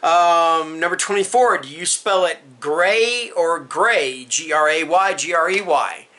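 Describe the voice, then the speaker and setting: A man's voice: fairly high pitch, unhurried, pushed and bright. An American man in his fifties chatting through a casual question list for his book channel, rambling and stopping to restart, with joking asides. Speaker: book vlogger. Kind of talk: casual Q&A tag video.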